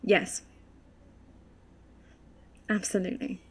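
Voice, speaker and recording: A woman's voice: takes it slowly, slight background noise, lightly acted. A woman voicing a playful young bride in a live tabletop role-play, coaxing and sweetly persistent.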